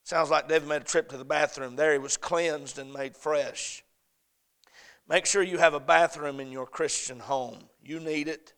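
Male preacher, high and bright, smooth tone, builds to loud peaks and falls to a hush, repeats phrases. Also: fairly even intonation, normal speed. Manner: swings from loud emphatic peaks to soft, hushed lines. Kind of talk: sermon.

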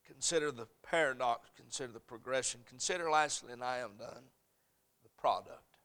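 A man preaching a sermon with passion, in rhythmic, repeated phrases that move from hushed to shouting. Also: mid-range voice, fairly quick. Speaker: pastor.

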